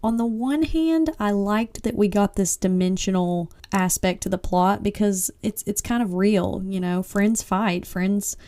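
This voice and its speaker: A woman hosting a casual solo book-review podcast, chatty and expressive, often saying "like" and "I mean.". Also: mid-range voice, unhurried, hardly any pauses. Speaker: podcast host.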